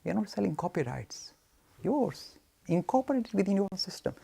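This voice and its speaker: Gravelly, animated male lecturer. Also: high-pitched, fairly quick. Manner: emphatic, animated, telling anecdotes. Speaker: speaker on Hinduism. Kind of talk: lecture answering audience questions.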